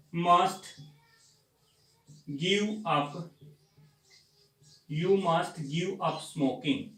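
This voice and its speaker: Slow, echoey Indian English male teacher. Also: high voice, fairly bright tone, distant mic. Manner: slow and deliberate, repeats words for emphasis. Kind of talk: grammar lecture. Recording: echoey room, voice set back from the mic.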